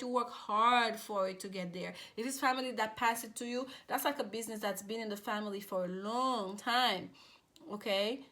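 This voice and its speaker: A woman's voice: mid-range voice, bright, forceful tone. A woman giving a casual tarot reading, chatty and rambling, with many fillers and restarts. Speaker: tarot reader.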